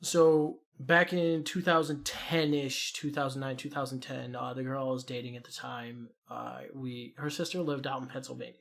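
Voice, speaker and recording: A young man with a Chicago accent co-hosts a podcast in a mid-range, creaky voice, moving at a moderate pace with hardly any pauses. He tells rambling, profane stories animatedly in a casual chat.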